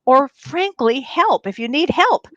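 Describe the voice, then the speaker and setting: A middle-aged woman co-hosting a talk show, telling a personal story in a lively, animated way. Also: sits high, unhurried, dry recording, muffled recording. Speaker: co-host. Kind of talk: casual chat, personal storytelling.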